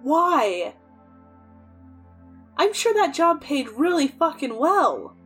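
A young woman speaks in character during a tabletop game. She is brash and sweary, and she talks slowly in a very high voice that leaps all over the place. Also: sing-song, a bit bright, faint music behind. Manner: brash and sweary, breaks into laughter. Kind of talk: in-character role-play.

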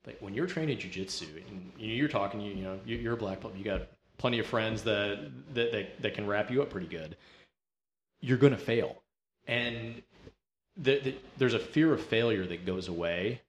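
A man's voice: fairly low pitch, moderate pace, echoey room. A man hosting an interview, speaking in a reflective way with many fillers. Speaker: podcast host. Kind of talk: casual interview talk.

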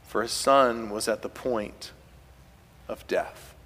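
A man preaching a sermon as pastor, building to loud, impassioned passages as he voices pleading figures. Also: medium pitch, steady tone, slow pace, big-room sound. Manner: preaching with rising intensity, voicing quoted pleas loudly.

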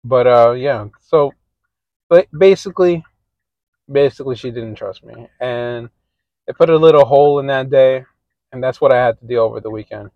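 A man's voice: mid-range voice, moderate pace, no echo, muffled recording. A man hosting a casual podcast monologue, telling a story in a rambling, profane way. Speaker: podcast host.

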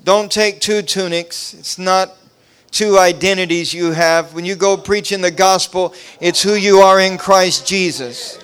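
Smooth-voiced male pastor preaching. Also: high voice, steady tone, measured pace. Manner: preaching with rising emphasis, drops to quiet storytelling. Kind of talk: revival sermon.

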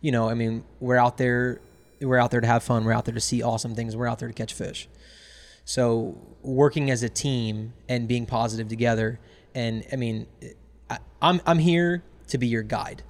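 A man who works as a fishing guide, telling a story in casual chat and acting out the quotes with big jumps up in pitch. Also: fairly even intonation, normal speed.

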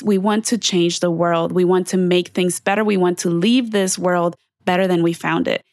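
A woman's voice: mid-range voice, no echo, studio quality. A woman hosting her podcast, talking candidly and from the heart, speaking straight to her listeners in a casual, unscripted monologue with the odd swear word. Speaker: podcast host.

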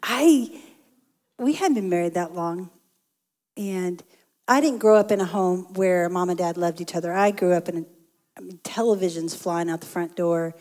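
A woman telling a personal story about her marriage in a casual, animated way, often laughing. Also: lowish voice, moderate pace.

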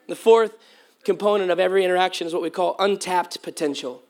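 A man talks fast in a high-pitched voice while preaching to his congregation. As their pastor, he spins funny stories with plenty of animation, and his voice cracks at times.

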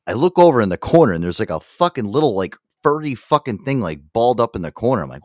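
A man hosting a live show from his home studio, telling a long story in a profane, animated way. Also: on the low side, brisk, no room sound. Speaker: radio show host. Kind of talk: casual live radio banter.

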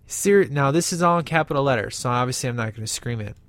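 A man's voice: medium pitch, fairly quick, hardly any pauses, fairly bright tone, no echo. A man hosting a casual podcast, talking with lots of fillers and reading a listener's email aloud. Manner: enthusiastic, rambling with many fillers. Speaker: podcast host.

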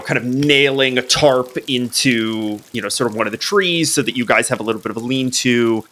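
Bright-voiced man narrating as game master. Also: mid-range voice. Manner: loose, filler-heavy narration.

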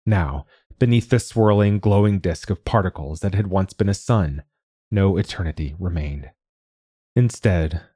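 A man narrating a scripted story in a slow, measured reading. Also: low voice, warm tone, slightly rough, no room sound, clean studio sound. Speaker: narrator and host.

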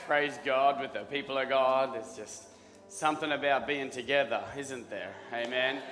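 Hoarse aussie pastor, bright edgy voice, echoey church hall, faint music. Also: male voice, medium pitch, moderate pace. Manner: energetic, rallying the congregation, clears his throat often. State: hoarse, rough voice. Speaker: lead pastor. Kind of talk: sermon. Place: church auditorium.

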